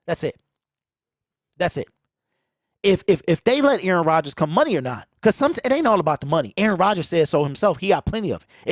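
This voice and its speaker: A sports talk host with a Michigan accent rants in a high, swooping voice, hammering his points by repeating phrases. The sound is dry and close-miked, with pops on hard consonants. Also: no echo. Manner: animated, preachy, repeats phrases for emphasis. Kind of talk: casual sports commentary rant. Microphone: close mic, pops on plosives.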